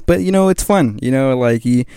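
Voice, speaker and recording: A man's voice: medium pitch, lively intonation, normal speed, dark tone, smooth, no echo, studio quality. A young man hosting his own podcast, chatting casually in a rambling, slang-heavy way with frequent laughs, a little tired. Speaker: podcast host. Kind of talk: casual solo monologue.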